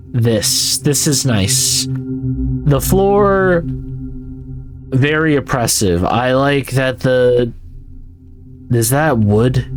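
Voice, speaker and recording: Male gaming YouTuber, mid pitch, slow and rambling, casual cursing. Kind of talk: gameplay commentary.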